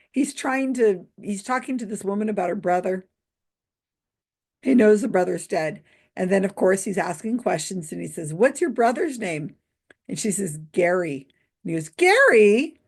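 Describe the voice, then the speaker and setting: A woman's voice: mid-range voice, darkish tone, husky. Amused woman laughing through a story. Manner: amused, laughs often while retelling. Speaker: YouTube commentator; mentalist. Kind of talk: casual commentary monologue.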